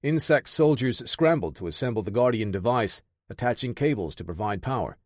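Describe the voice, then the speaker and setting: Steady male audiobook narrator, dry sound. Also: mid-range voice, dry recording. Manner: steady, measured.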